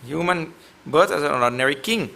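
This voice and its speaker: A man's voice: on the high side, lively intonation, a little fast, vocal fry, sharp tone. A man giving a devotional scripture lecture, chanting verses and explaining them with a playful, teasing manner toward his class.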